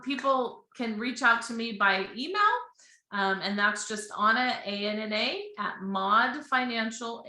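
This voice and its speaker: A woman's voice: mid-range voice, sharp tone. A woman guest talking earnestly and chattily about her work as a financial advisor, laughing readily on a remote live-stream call. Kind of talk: casual interview. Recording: echoey room.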